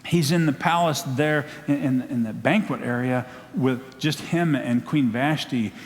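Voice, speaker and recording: A man with a Southern accent preaching a sermon, telling a story in an animated way and acting out the scenes. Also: mid-range voice, a little slow. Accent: Southern American. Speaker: pastor. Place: church sanctuary. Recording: long church hall echo.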